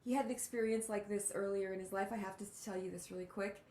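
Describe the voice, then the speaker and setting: A woman hosts a casual talk show and tells her stories with animated exclamations. Her voice sits in a middle range, and the recording carries a roomy echo. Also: medium pitch, fast. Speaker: host. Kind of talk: casual storytelling chat.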